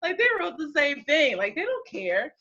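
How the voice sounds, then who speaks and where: Animated bright-voiced woman telling stories. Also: high-pitched, moderate pace, highs cut off. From United States. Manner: animated, laughing, swearing, acts out quotes. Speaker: interview guest. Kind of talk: casual storytelling interview.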